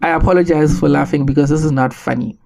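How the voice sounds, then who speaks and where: A man from Zimbabwe, hosting a solo podcast and making his case in an earnest, measured way with rhetorical questions. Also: a little high, steady tone, vocal fry, background noise. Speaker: podcast host.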